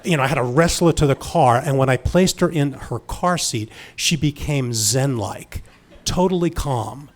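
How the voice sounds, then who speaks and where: Storyteller, older man, wry, personal tale, hushed to punchy, medium pitch. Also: moderate pace. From Long Island, New York. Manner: intimate, wry, shifting from hushed to emphatic.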